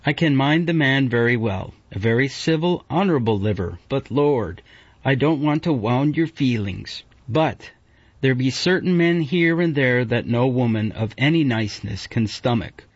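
A man's voice: medium pitch, expressive, moderate pace, dry recording. A man reading an audiobook voices a sick, cantankerous old countrywoman who scolds in a rustic dialect with a hollow voice. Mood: scolding, crusty. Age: older. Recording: dull, dry audiobook recording.

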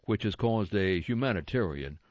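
A man reading a news magazine aloud in a slow, deliberate way, describing where each story sits on the page and marking quotes with quote and unquote. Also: lowish voice, lively intonation, no room sound. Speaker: magazine reader for listeners. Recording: dry, slightly dull lo-fi recording.

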